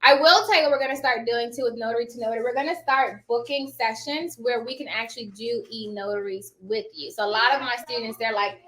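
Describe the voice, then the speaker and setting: A woman with a bright, fairly high voice chats casually on a live stream as a trainer. She rambles, loses her thread and laughs often. Her voice rings in a roomy, echoey office. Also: fast, few pauses. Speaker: online notary trainer and host. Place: home office.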